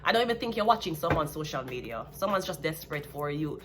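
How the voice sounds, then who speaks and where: A woman's voice: deep voice, lively intonation, fast talker, background noise. A woman with a Jamaican accent giving a blunt, sassy, casual tarot reading. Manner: blunt, sassy, laughs at her own jabs. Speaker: tarot reader.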